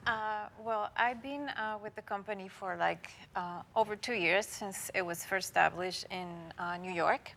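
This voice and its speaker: A woman from Belgium, an interior designer, speaking softly and hesitantly on a panel. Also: mid-range voice, normal speed, gravelly, hardly any pauses, slight background noise. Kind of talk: panel talk.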